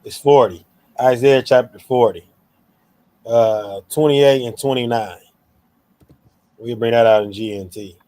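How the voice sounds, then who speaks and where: Animated slangy man with a dry close sound. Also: medium pitch, measured pace, long pauses, no echo. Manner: animated, slangy, playful tones when quoting. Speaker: co-host of a scripture show. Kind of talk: casual religious discussion.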